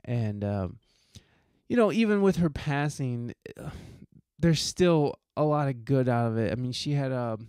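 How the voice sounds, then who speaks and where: A man's voice: medium pitch, expressive, measured pace, a little mellow, clean tone, dry recording, clean studio sound. A man hosting a podcast, giving a heartfelt, profane, rambling monologue full of restarts. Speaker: podcast host.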